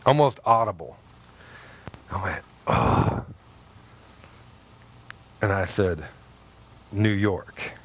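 A man's voice: deep voice, big pitch swings, drawn-out words, creaky, long pauses, slight background noise. A middle-aged man, a pastor, preaching a sermon to his church, telling a personal story in a folksy way with laughs and asides.

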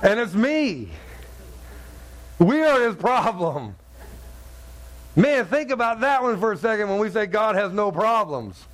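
Pastor, man, high voice, chatty sermon delivery with repeated words. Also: sing-song, unhurried, long pauses, slight background noise. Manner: conversational, repeats words, asks the crowd "right?".

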